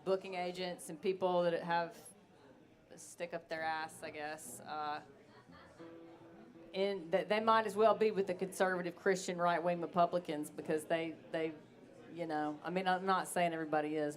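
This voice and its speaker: A woman singer-songwriter, talking candidly and bluntly between songs on a live stage. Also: fairly low pitch. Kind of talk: between-song stage talk.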